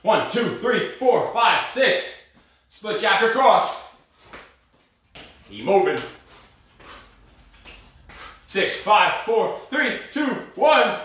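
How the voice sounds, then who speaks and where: A man's voice: sits high, big pitch swings, very slow, pauses often, a bit bright. Breathless man barking workout commands. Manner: barking short commands and counts, pushy and blunt. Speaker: fitness instructor. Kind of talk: coaching a live cardio boxing class. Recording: echoey room, voice far from mic.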